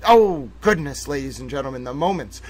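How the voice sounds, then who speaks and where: A man hosting a livestream, joking through comedic live commentary in a theatrical mock nature-documentary manner and calling out to "ladies and gentlemen" again and again. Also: mid-range voice, animated, fairly quick. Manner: repeats "ladies and gentlemen" often. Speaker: livestream host.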